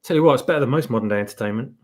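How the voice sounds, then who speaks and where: A man co-hosting a casual live-stream chat, mostly giving quick, short reactions. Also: medium pitch, darkish tone.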